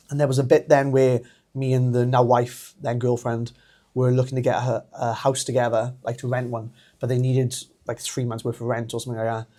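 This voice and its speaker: Welsh guy in his 30s, middle pitched voice, chatty podcast guest spinning a long yarn, laughs a lot. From Wales. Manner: animated, laughs often, acts out quoted voices. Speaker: podcast guest, pro wrestler. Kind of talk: casual storytelling interview.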